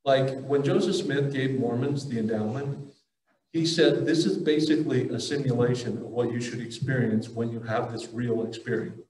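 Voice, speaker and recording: At a conference hall, a man gives a casual, joking religious talk and takes audience questions, with many fillers and restarts. His medium-pitched, darkish voice moves at a moderate pace and sounds far from the mic in roomy hall audio.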